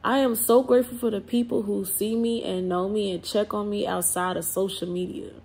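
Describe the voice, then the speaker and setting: A woman's voice: mid-range voice, fairly even intonation, a little fast, darkish tone, husky. A woman, ranting bluntly in an unscripted vlog, full of swearing and slang. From New Orleans. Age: 30s. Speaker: vlogger.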